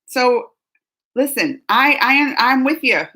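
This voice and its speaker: Bright, slightly high woman host, chatty, laughing, casual streamer reading chat. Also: lively intonation, a little slow. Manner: chatty, laughs often, jumps between chat comments.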